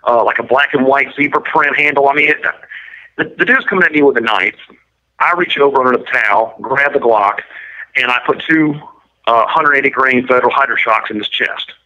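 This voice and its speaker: A man's voice: mid-range voice, brisk, bright, forceful tone. A man giving an interview and telling a story in a blunt, matter-of-fact, detailed way. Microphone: prison phone line. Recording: muffled lo-fi line.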